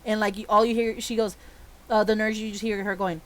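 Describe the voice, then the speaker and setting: A woman's voice: medium pitch, level tone, brisk. A woman narrating a tabletop game as game master, in a casual, filler-heavy way.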